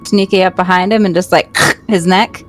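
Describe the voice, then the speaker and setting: A woman playing a tabletop roleplaying game, speaking bluntly and quickly. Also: on the low side, fairly even intonation, soft background music. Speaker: player. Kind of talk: casual tabletop play.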